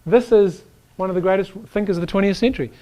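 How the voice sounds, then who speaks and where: Emphatic high-voiced male lecturer. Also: quick pace. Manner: animated, emphatic, keeps asking "right?"; reads quotes aloud to the audience. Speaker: chiropractic lecturer. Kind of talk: energetic classroom lecture.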